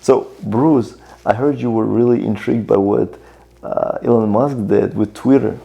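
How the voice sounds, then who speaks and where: A man's voice: on the low side, a little slow, vocal fry, warm tone. A man co-hosting a casual comedy podcast, bantering and teasing his co-host.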